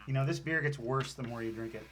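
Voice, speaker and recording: A man's voice: medium pitch, quick pace. A man hosting a casual live show, chatting and reading viewer messages aloud. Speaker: show host. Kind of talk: casual live-stream chat.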